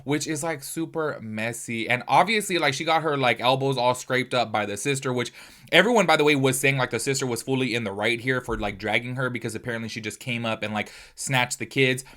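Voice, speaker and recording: A man's voice: fairly quick, a bit bright. A man in the middle of his range talks through online drama as a commentary host. His delivery is casual and chatty, sprinkled with slang and fillers. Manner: chatty, with slangy fillers like "low-key" and "y'all".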